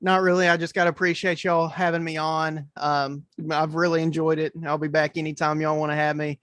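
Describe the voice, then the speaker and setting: A podcast guest talks in a friendly, easygoing way, thanking the hosts and making a short pitch. His voice is a little high. The recording is dry and close. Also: flat delivery, fairly quick, a bit bright, clear, resonant tone, dry recording. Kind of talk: casual podcast chat.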